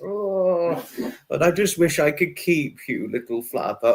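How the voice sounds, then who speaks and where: A man's voice: on the high side, unhurried. A man hosting a casual livestream, reading out comments and thanking viewers, rambling and apologetic, flaring into angry rants. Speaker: livestream host.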